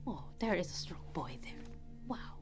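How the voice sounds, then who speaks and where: A woman's voice: on the low side, expressive, normal speed, soft background music, lightly acted. Woman doing a soothing accented mother figure. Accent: put-on foreign accent. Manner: soothing, coaxing, gently whispery. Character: warm motherly woman caregiver with a foreign accent. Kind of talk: tabletop role-play acting. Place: studio.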